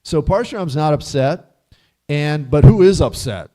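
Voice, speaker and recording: Man giving a lively scripture class, slightly high voice, asks the room questions, chuckles through it. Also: measured pace. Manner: animated storyteller, rhetorical questions, chuckles often. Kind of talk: casual scripture class talk.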